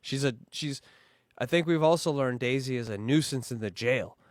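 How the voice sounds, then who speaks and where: A man's voice: mid-range voice, normal speed, no echo, studio quality. A man hosting a casual comedic podcast, bantering with laughs and swearing. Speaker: podcast host.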